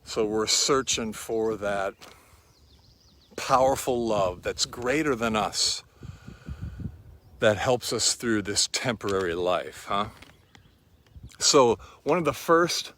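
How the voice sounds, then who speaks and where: A man delivering a sermon in a rather low voice. He speaks very slowly, in a reflective and quietly earnest way that leaves room between his words. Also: lively intonation, slight background noise. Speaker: preacher.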